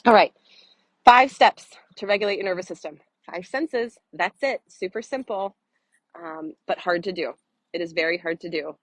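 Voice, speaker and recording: A woman's voice: fairly low pitch, gravelly, slightly rough, dry recording, rough recording. A woman wellness coach talking casually to camera while walking outdoors, earnest and open, with frequent restarts. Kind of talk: casual vlog talk to camera. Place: outdoors, walking in an orange grove.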